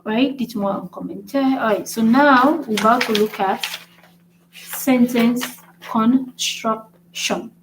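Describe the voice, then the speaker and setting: A woman's voice: a little high, moderate pace, few pauses, background noise. A woman hosting a casual live-streamed language lesson, chatty, repeating example words and often checking in with "right?". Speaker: language learning channel host.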